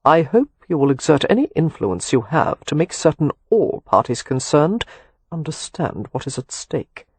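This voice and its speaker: A man reading an audiobook, voicing a controlled, aloof doctor who speaks formally and in a measured way. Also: fairly high pitch, big pitch swings, a little mellow, husky, no echo, full character voice.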